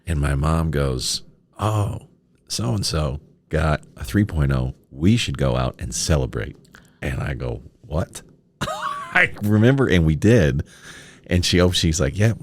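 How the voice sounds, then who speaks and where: A man, a stand-up comedian, telling personal stories in casual conversation, often laughing and acting out the people he quotes. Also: sits low. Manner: laughs often, mimics others in quoted asides. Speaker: stand-up comedian, podcast guest.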